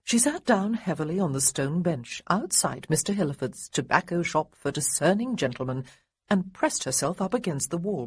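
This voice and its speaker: A woman narrating an audiobook with lively, expressive storytelling. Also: deep voice, breathy edge, no room sound. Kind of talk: scripted narration.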